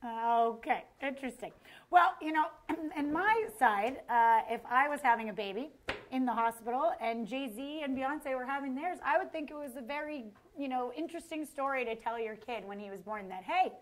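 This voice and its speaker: Young female co-host, high voice, playful mock-serious banter. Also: normal speed. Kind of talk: comedic topical banter.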